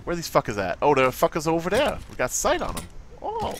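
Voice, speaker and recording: Playful, lively-voiced gamer man. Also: a little high, fast talker. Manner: playful, swears, giggles, hums nonsense to himself. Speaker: game streamer. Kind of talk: live gameplay commentary. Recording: loud game sounds behind voice. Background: video game effects and voice lines.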